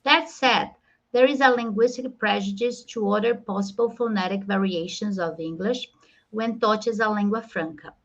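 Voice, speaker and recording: A woman moderating a panel, reading out audience questions in a careful, halting way. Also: medium pitch. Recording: dull lo-fi audio.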